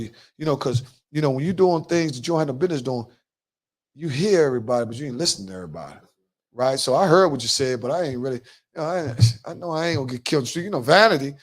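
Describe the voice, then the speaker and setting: A man's voice: medium pitch, expressive, fast talker. Slangy DC man hosting a podcast. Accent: Washington DC. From Washington DC. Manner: slangy, emphatic storytelling with heavy street talk. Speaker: podcast host. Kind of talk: casual podcast talk.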